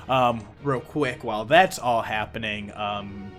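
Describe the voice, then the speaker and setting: A man narrating as game master of a tabletop game, casual and halting, with many fillers. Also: on the low side, a bit bright, faint music behind.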